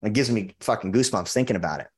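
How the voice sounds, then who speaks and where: A man's voice: on the low side, expressive, rapid-fire, husky. Blunt, intense man telling a story. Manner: intense, blunt and frequently profane. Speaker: podcast guest, men's coach. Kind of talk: casual conversational storytelling.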